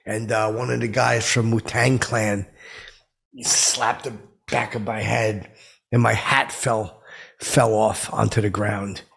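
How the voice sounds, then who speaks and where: In a heavily acted comic monologue, a man voices a touchy, pompous middle-aged character ranting indignantly in a gravelly, husky tone. His voice is lowish and a bit bright, with a level tone and a slow pace.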